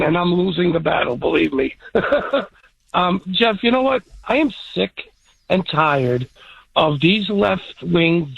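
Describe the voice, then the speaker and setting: A man's voice: sits high, creaky, husky, no echo. A man calling in to a radio show while sick with a cold, ranting indignantly and stacking up lists. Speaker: caller. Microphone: phone line. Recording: dull phone line.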